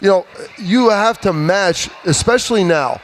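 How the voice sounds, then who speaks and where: Man, thirties, former player, lively storyteller, slightly high voice, faint background noise. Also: measured pace. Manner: animated storyteller, acts out trash talk. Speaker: former player on a sports panel. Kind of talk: casual sports talk.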